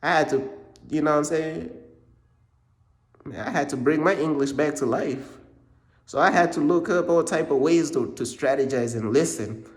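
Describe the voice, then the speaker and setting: A man's voice: a little high, normal speed, long pauses. Slangy young man from Uganda, roomy sound. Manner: slangy, repeats points, drops in "bro" often. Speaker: vlogger. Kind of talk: casual storytime monologue. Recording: roomy echo.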